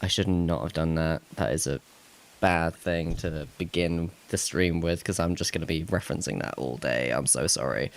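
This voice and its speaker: A man live-streaming casually, rambling to himself as he fixes tech problems and laughing at himself. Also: sits low. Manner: rambling, talks to himself while fixing tech; laughs at himself, self-mocking.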